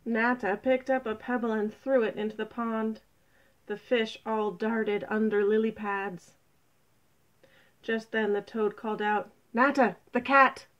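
Gentle, slow woman reading a picture book. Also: a little high, highs cut off. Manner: gentle, expressive, unhurried. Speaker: storybook reader. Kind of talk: children's read-aloud.

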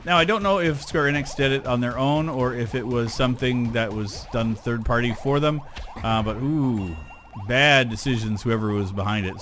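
A man talks casually while playing a game, wandering from thought to thought and poking fun at himself. His voice sits in a middle pitch and is filled with fillers and restarts. A faint hiss runs underneath the talk. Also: fairly bright tone. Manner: rambling, self-deprecating, many fillers. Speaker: gameplay video host. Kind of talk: casual gaming commentary.

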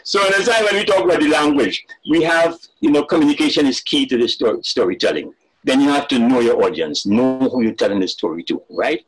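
An older man, talking as a storyteller in a webinar interview, animated and laughing at his own jokes. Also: medium pitch, a little fast, breathy edge, low-quality recording. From Caribbean. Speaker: storyteller and writer. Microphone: video call.

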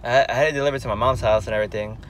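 A man's voice: mid-range voice, steady tone, rapid-fire, slight background noise. A young man in a casual vlog rant, exasperated and rambling with lots of fillers, talking from his car. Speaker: vlogger.

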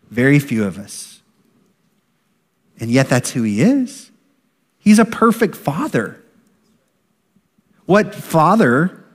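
A middle-aged man preaching a sermon as pastor, animated and acting out voices of a parent. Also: mid-range voice. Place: church sanctuary. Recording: long reverb of a large hall.

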